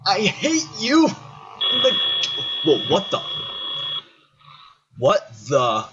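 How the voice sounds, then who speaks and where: Male gaming commentator, excitable and animated, dull lo-fi mic. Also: sits high, extremely slow, breathy edge. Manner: excitable, yells at the characters, swaps swears for silly words. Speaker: gaming YouTuber. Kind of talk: horror game commentary. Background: game music.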